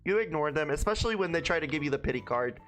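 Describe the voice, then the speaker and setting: A young adult streamer from Brooklyn, New York, talks to chat in a medium-pitched, expressive, rapid-fire voice with a slightly bright edge, over soft background music. He tells rambling, profane stories casually, often restarting his anecdotes.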